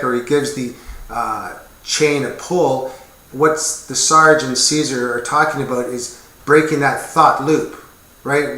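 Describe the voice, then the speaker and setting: A man in his fifties talks casually and earnestly to camera, rambling a little and dropping wry asides. His voice has a bright, forceful edge. The sound bounces around a roomy, echoey space. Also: mid-range voice. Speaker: military veteran sharing his experience. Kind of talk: casual explanatory talk to camera. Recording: echoey room.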